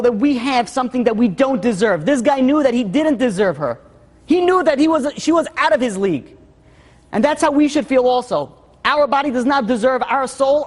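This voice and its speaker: A high-voiced male rabbi delivers a holiday sermon, his tone swinging widely between hushed storytelling and lifted, emphatic preaching. A long reverb of the hall trails his words. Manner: tells a story softly, then preaches with rising emphasis.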